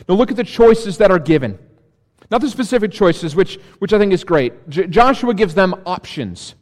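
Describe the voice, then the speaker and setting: A man's voice: high-pitched, very animated, moderate pace. A male pastor preaching a sermon, reading scripture and dropping dry, sarcastic asides. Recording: long reverb of a large hall.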